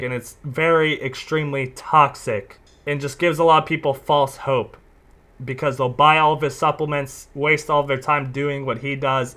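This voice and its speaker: A man's voice: mid-range voice, fairly bright tone. A man hosting a casual reaction commentary, talking bluntly and sarcastically and swearing freely. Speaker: commentary host.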